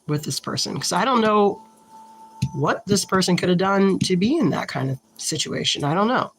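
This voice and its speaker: Speaking to camera in a lowish, animated voice, a woman does a casual tarot reading, slow and halting as she thinks aloud over shuffling and drawing cards. She comes across as frank and slightly irritated, on a low-quality recording with slight background noise.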